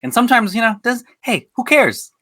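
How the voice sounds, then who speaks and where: A man's voice: very high voice, very animated, brisk, bright, forceful tone. A man hosting a casual podcast quiz game, playful and laughing often as he announces rounds.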